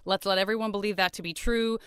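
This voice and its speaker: A woman's voice: medium pitch, fairly even intonation, fast, fairly bright tone, smooth, dry recording, clean studio sound. A woman co-hosting a podcast, playful and self-mocking as she introduces her guest in casual chat. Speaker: podcast co-host.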